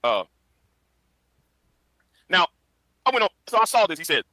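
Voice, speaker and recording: A man lecturing to camera in a preachy tone, pausing and restarting as he makes his point. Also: sits high, big pitch swings, sharp tone, dry recording, rough recording. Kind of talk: lecturing video commentary.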